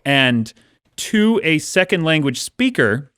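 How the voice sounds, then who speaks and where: A man co-hosting a podcast, telling stories in a playful, animated way. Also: fairly high pitch, slow, clear, resonant tone, no echo, studio quality. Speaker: podcast co-host, author. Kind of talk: casual chat.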